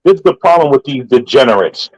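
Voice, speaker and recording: A man's voice: medium pitch, expressive, quick pace, crowd noise, low-quality recording. A man in an online debate who mocks the others and stubbornly repeats himself. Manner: mocking, stubborn.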